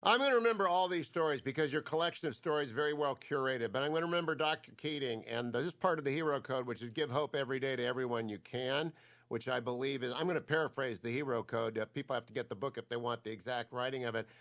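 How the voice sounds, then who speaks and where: A man's voice: medium pitch, fast talker, fairly bright tone. A man hosting a talk show interview, chatty and jokey, praising his guest before asking questions.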